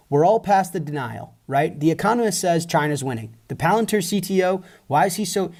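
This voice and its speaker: A man with a fairly high voice delivers emphatic, animated commentary straight to his audience. He mocks the people he talks about, acts out their words and swears casually along the way. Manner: emphatic, mocking, mimics others in quoted rants.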